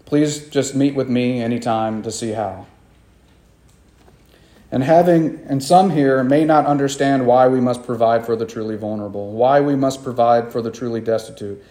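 Earnest male pastor mid-sermon, emphatic and repetitive, mid-pitched warm tone in a reverberant sanctuary. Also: normal speed. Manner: earnest, emphatic preaching with repeated phrases.

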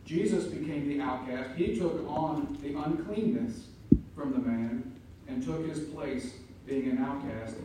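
A man preaching an emphatic sermon as pastor, building to loud peaks. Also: on the high side, measured pace, noisy background. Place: church sanctuary. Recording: echoey room from far off.

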